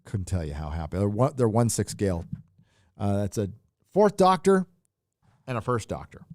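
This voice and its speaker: This live stream host, a middle-aged man from California, reads super chats into a handheld mic, rambling, cursing casually and using plenty of filler. He sounds on the low side and mellow, with lively intonation and a fairly quick pace, in studio-quality audio with no room sound.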